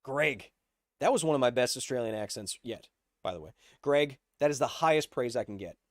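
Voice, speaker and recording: A man's voice: medium pitch, lively intonation, fast, dry recording, clean studio sound. A man hosting a livestream, explaining science casually and answering chat with jokes. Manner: explains science, reads chat aloud, jokey. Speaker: host.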